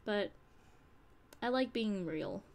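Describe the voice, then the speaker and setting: A young woman chatting frankly on a live stream, at an ordinary mid pitch for a woman. She rambles from thought to thought and curses casually, as if talking to friends in her community. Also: expressive, slow pace, gravelly, a little mellow. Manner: candid, rambling, swears casually. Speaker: streamer and audio creator.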